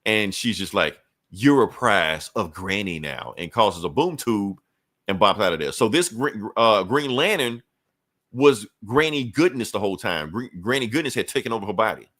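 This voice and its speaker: A man hosting a podcast, recapping a comic issue in loose casual storytelling, acting out characters' lines in quick asides with plenty of profanity. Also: on the low side, animated, a bit bright. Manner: frequent profanity and fillers. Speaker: podcast host.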